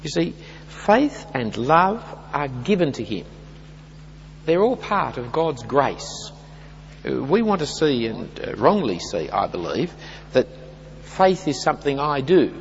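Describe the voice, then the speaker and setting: A man's voice: mid-range voice, slow, vocal fry. A man preaching an expository sermon, earnest and emphatic, building up through repeated phrases. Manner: earnest, emphatic build-ups with lively rises and falls. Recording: dull sound with long hall reverb and faint hum.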